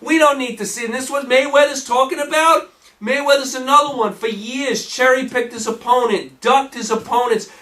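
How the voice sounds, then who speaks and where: A man's voice: extremely high pitch, steady tone, normal speed, pushed and bright, far from the mic. A man hosting a solo sports talk show, ranting in an exasperated way and firing off rhetorical questions.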